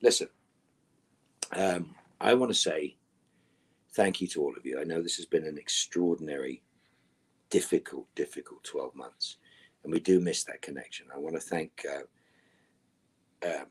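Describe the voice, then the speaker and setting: A middle-aged man with a very deep, husky voice answers fan questions over a video call. His humor is dry and wry, and his remarks often sink into soft, half-mumbled asides. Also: a little slow, long pauses. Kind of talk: virtual fan Q&A panel.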